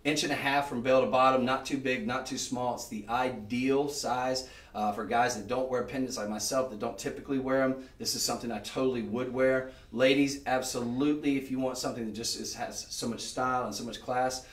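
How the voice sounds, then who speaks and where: A man hosting a live shopping show, chatting on and piling up descriptive words as he pitches. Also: steady tone, a little fast, far from the mic. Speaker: shopping channel host. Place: shopping channel studio. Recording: roomy sound, voice off-mic.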